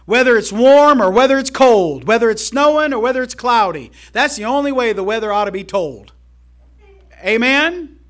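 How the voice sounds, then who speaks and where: A man preaching a sermon to his church in a folksy, emphatic way, swinging between loud calls to the congregation and quiet asides. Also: very high-pitched. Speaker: pastor.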